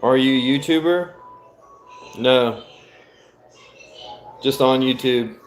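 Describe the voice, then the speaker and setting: A young man casually answering live chat as a streamer, in slow, laid-back replies. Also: mid-range voice, soft background music.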